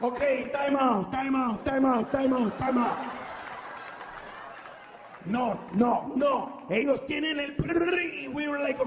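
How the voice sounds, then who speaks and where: A man performing a loud stand-up comedy routine, shouting punchlines and acting out characters. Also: very high voice, slow, a crowd in the background, noisy background. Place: comedy stage.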